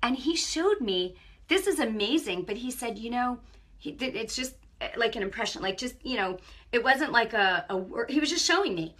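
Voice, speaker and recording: A woman shares a spiritual testimony with her viewers on a broadcast. Her voice is bright and breathy. She tells her story in an animated way, dropping to a hush and then rising loud again. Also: a little high, moderate pace. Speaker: online ministry broadcaster.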